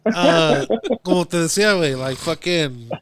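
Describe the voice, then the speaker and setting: A man's voice: fairly high pitch, animated, moderate pace, fairly bright tone. A man, a podcast guest, joking loosely and mixing Spanish slang into English. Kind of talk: casual chat.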